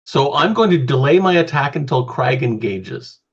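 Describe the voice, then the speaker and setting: A man's voice: medium pitch, lively intonation, normal speed, husky, muffled recording. A man playing a tabletop game, thinking aloud hesitantly as he works out his turn. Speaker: player.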